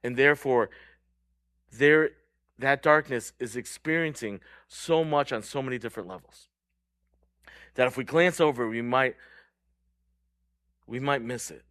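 Male pastor preaching a sermon, slow and earnest, ringing forceful tone, dry close sound. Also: dry recording. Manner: earnest, swings between loud stress and hushed low lines; checks in with the crowd by asking "right?".

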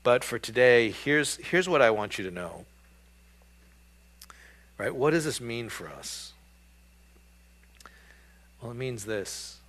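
A man's voice: medium pitch, very animated, slow pace, pauses often, fairly bright tone. A man preaching a sermon in a conversational way, with frequent fillers and rhetorical questions. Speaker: pastor.

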